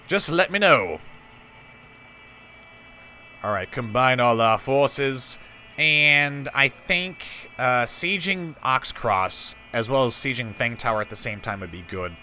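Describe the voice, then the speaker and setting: A man's voice: medium pitch, animated, slow, sharp tone, slight background noise. A man giving casual commentary on a strategy game, chatty, talking to his viewers and laughing easily. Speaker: gameplay host.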